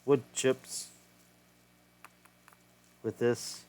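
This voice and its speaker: A retro game collector talks casually while repairing an old game cartridge by hand, thinking out loud and swearing freely. His mid-range voice is warm but flat, and he speaks extremely slowly.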